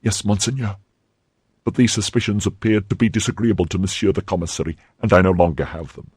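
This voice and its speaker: A man's voice: low-pitched, fairly even intonation, fairly quick, husky, no echo, studio quality. A man voicing a timid middle-aged mercer who answers anxiously and deferentially, crying out in alarm when frightened. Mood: nervous deference.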